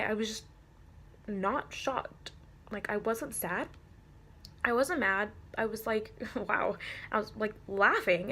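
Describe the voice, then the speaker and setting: A woman's voice: on the high side, fairly bright tone, slightly rough. A teenage girl telling a storytime vlog in a chatty, giggly way, full of fillers. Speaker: vlogger.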